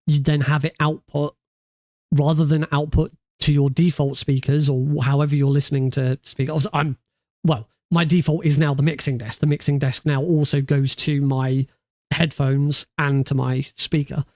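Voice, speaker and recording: Man, casual stream chat, rambling and self-correcting, slightly raised pitch, dry close sound. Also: flat delivery, moderate pace, a little mellow, dry recording. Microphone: studio mic through a mixing desk.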